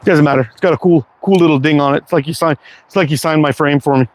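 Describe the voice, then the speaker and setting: A middle-aged man casually chatting on a livestream as he shoots, relaxed and self-deprecating. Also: a little high, fast talker, slight background noise, low-quality recording. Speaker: slingshot livestream host. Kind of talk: casual live-stream chat while target shooting.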